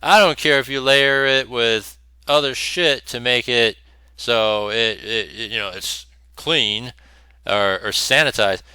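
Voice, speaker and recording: A man's voice: medium pitch, unhurried, pushed and bright, clean tone, no echo. A man hosting a commentary show, talking bluntly and profanely with scornful laughs between points. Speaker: host. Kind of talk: opinionated commentary over clips.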